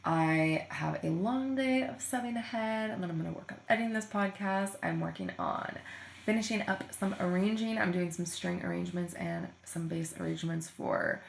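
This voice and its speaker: A woman's voice: on the low side, animated, normal speed, creaky, a little hiss or hum. A young woman hosting her own podcast and chatting casually about her voice students, with lots of "like" and "um". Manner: chatty, fills speech with "like" and "um". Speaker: podcast host and voice teacher. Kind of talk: casual solo podcast chat. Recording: echoey room.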